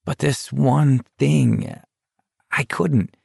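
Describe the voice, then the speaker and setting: A man voicing an earnest teenage boy in a deadly walking contest, speaking in a confiding, rambling, quietly hurt way. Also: fairly low pitch, measured pace, creaky, dry recording, studio quality.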